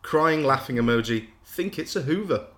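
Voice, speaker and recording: A man with a bright, clear voice hosts a casual podcast game. He jokes around and reads replies aloud, breaking into frequent laughs. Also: mid-range voice, expressive, normal speed. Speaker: podcast host running a game.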